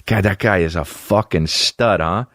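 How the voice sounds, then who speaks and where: A man's voice: low voice, unhurried, fairly bright tone, no room sound, clean studio sound. A man hosting a comedy podcast, riffing and jumping into exaggerated character voices. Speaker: podcast host.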